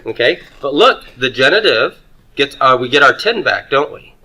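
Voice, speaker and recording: A man's voice: mid-range voice, very animated, normal speed, pushed and bright, rough recording. A man teaching a Greek grammar class in a classroom, upbeat and joking as he leads the students through drills. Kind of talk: classroom lecture.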